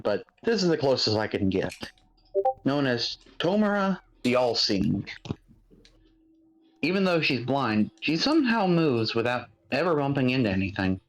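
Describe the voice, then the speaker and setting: A man serving as game master, introducing characters in an easygoing, descriptive voice at an ordinary pitch. He wanders a little as he talks, pausing and correcting himself. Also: sing-song, low-quality recording. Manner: casual, descriptive, a little rambling. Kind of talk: narrating a tabletop game.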